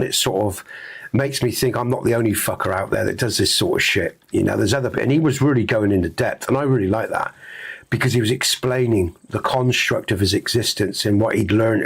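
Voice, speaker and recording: A man's voice: fairly low pitch, gravelly, husky. A middle-aged man hosting a game stream, talking earnestly in a rambling, reflective way with lots of fillers and restarts. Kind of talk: reflective casual chat on stream.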